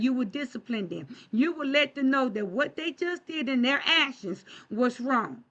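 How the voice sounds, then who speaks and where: Woman preacher, conversational sermon, bright tone, muffled streamed sound. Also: sits high, animated, moderate pace, few pauses. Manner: conversational, plain-spoken preaching with rhetorical questions. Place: church.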